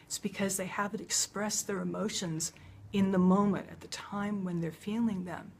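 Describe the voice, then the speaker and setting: A woman speaking gentle guidance straight to the viewer, often dropping into a near whisper and growing more emphatic at times. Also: mid-range voice, steady tone, moderate pace, a little hiss or hum. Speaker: speaker of a public service video. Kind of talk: soothing spoken guidance to the viewer.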